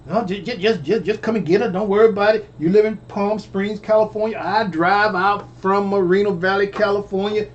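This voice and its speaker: A man's voice: sits high, fairly even intonation, a little fast, hardly any pauses, lo-fi sound, lightly acted. A man voicing an overwhelmed older woman who keeps repeating herself in exasperation, as part of a spoken true story. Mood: exasperated.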